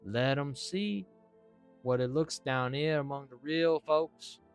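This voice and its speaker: A man voicing a loud, folksy old mama with a slow drawl. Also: clear, resonant tone, soft background music. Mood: scornful. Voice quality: drawling, booming.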